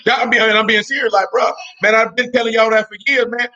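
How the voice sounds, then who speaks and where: A man preaching a sermon in street slang, talking animatedly and breaking into shouts. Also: very high-pitched, steady tone, fast talker. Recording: dull lo-fi recording.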